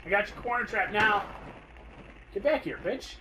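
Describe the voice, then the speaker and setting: Sarcastic, bright-voiced gamer man. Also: sits high, lively intonation, normal speed, distant mic, slight background noise. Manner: sarcastic, swears a lot. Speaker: let's play co-host. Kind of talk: casual gameplay banter.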